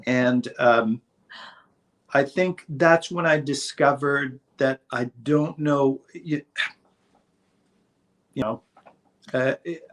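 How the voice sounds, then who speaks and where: A man's voice: medium pitch, a bit bright. A man in his sixties, a guest actor in a casual interview, talking in a rambling, hesitant way with many fillers and restarts. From Saint Boniface, Manitoba, Canada. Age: 60s.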